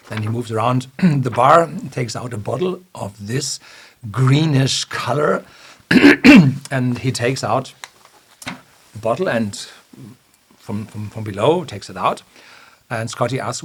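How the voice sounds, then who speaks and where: Husky man, unhurried, halting whisky reviewer retelling a scene. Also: mid-range voice, expressive. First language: German. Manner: hesitant, many uh fillers and self-corrections, chuckles often. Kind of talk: casual retelling of a film scene.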